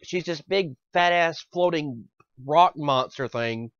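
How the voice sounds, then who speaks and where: Exasperated, a podcast co-host rants casually, swearing a lot and repeating his words. His voice is on the high side and a bit bright, moving slowly, with no echo but dull lo-fi podcast audio.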